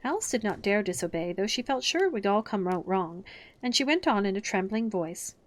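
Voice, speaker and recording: Woman gently reading a bedtime story. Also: mid-range voice, expressive, brisk.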